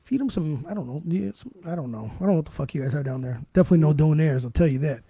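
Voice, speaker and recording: A man's voice: fairly high pitch, racing, husky, dry recording. A man hosting a podcast, telling stories in casual, profane chat. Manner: swearing, storytelling, animated. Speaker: podcast host.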